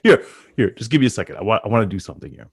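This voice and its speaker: A man hosting an interview in casual chat, excitable, laughing often and poking fun at himself. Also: lowish voice, racing, husky. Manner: excitable, laughs a lot, self-deprecating. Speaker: host.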